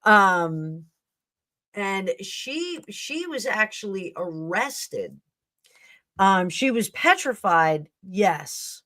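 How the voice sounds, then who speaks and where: Stream co-host, casual and joking, pitch rises and falls a lot. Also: big pitch swings, very slow, pushed and bright. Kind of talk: casual live stream chat.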